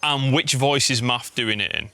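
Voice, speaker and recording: A man hosting a casual pub chat about films outdoors, eager and quick to laugh as he runs a quiz game. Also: mid-range voice, sharp tone, clear, resonant tone, dry recording. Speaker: podcast host running a quiz game. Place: outdoor pub beer garden.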